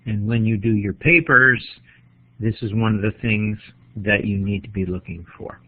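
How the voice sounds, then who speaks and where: Tinny-sounding New lecturer. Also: male voice, fairly low pitch. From New England. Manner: measured, explanatory, pauses to think. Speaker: literature teacher. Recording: tinny phone-like lo-fi recording.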